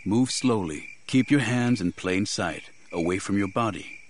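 A man reading an audiobook voices a calm warrior monk giving quiet, gentle commands. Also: lowish voice, measured pace, slight background noise, natural voice. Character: calm, steady older male warrior monk.

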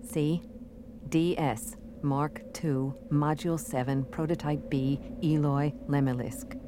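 A woman's voice: low-pitched, fairly even intonation, slow. A woman reading the part of a guarded male informant in an audiobook. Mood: awed. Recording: noisy recording.

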